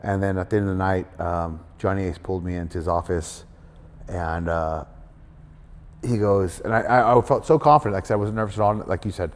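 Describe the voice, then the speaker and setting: A middle-aged man telling his story in a casual interview, animated, acting out other people's voices, with many fillers. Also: low-pitched, brisk, a little hiss or hum. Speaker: guest wrestler. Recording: hall reverb.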